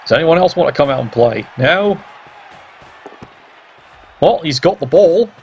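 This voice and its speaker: A man's voice: on the high side, expressive, a little slow, a little mellow, lo-fi sound, faint music behind. Sardonic man commentating a game. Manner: sardonic, teasing, swears freely. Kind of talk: casual play-by-play commentary.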